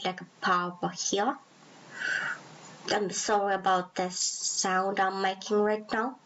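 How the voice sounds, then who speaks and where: A woman's voice: medium pitch, a little hiss or hum. A woman talking through a drawing tutorial in a casual, rambling, self-deprecating way. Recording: slightly dull lo-fi recording.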